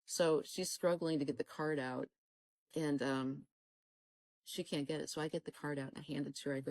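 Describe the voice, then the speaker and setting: A woman's voice: low voice, steady tone, fairly quick, darkish tone, dry recording, poor audio. Earnest woman giving a fervent faith testimony. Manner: fervent, exhorting, acts out quoted dialogue. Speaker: guest sharing a faith testimony.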